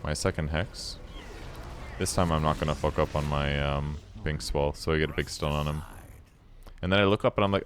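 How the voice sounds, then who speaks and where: A man giving casual replay commentary on his own game, relaxed and self-critical as he explains his choices. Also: extremely low pitch, a little fast, slight background noise.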